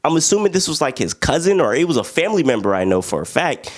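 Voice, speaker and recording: A man's voice: a little high, sing-song, fast talker. A young man giving a casual, slangy film review. He is sleepy and a little sick, and he acts out the characters he quotes.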